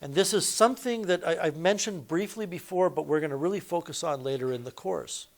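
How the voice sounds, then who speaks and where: A man with a slightly raised pitch teaches a math lesson in a classroom. He works through each step out loud and stops to fix his own slips. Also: fairly quick. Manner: explains step by step, correcting himself aloud. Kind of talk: classroom lecture.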